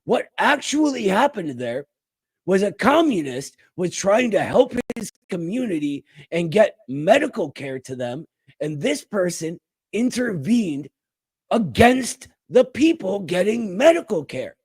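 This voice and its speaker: Emphatic man with a slightly high voice. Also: big pitch swings, a little slow, slightly rough, no room sound. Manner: emphatic, calls people brother. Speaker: co-host. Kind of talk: casual political talk show chat.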